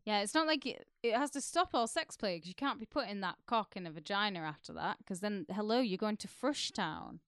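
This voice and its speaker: A female co-host trades bawdy remarks and laughs easily. Her voice is smooth and clear at an ordinary pitch. The recording is close and dry. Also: lively intonation, brisk, few pauses, fairly bright tone, no room sound. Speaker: podcast co-host. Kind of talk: casual chat.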